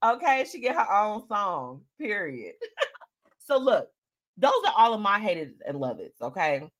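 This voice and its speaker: A woman's voice: mid-range voice, unhurried. A woman hosting a live stream show, chatting casually and animatedly with viewers and reading out their comments. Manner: animated, chatty, laughs often, reads comments aloud.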